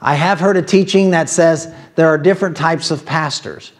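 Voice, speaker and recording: Male pastor with an Ohio accent, slightly high voice, chatty sermon delivery with asides. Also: normal speed. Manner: conversational preaching with asides and laughs.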